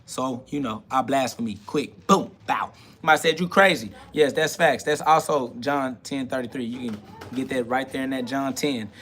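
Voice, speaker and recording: A man's voice: mid-range voice, normal speed, fairly bright tone, a little hiss or hum. A man hosting a live stream, preaching. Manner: swaggering, slangy, talks back to chat comments. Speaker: livestream host. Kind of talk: casual preaching monologue.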